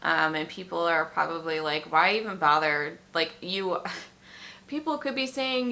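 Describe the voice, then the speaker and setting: A woman speaks in a low-set but bright voice with a gravelly edge, pausing and restarting often. She is close to tears and keeps pulling herself together as she talks. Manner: emotional, tearful, halting with many ums. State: fighting back tears. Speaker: vlogger. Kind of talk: personal vlog confession.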